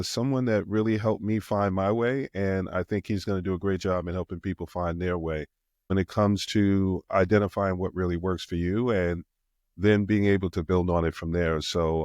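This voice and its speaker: A man with a New York accent hosts a podcast interview in a smooth, radio-style voice. His voice sits very low. He sounds upbeat and welcoming, and the recording is close and dry with no room sound. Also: a little mellow, dry recording. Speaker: podcast host. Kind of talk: interview hosting.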